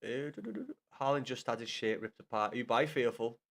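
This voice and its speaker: A young man chatting casually with viewers on a live gaming stream, swearing often and bantering loudly with chat. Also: mid-range voice, big pitch swings, fairly quick, vocal fry.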